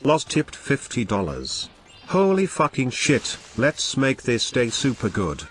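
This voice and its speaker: A man's voice announcing tips in slow, booming declarations. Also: huge pitch swings, fairly bright tone. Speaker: donation alert voice. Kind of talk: tip announcement.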